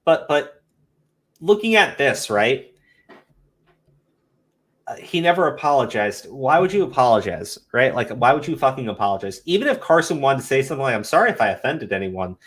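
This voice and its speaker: A man's voice: medium pitch, sing-song, moderate pace, a bit bright. A man ranting casually as host of a commentary stream, profane and scornful, often repeating himself.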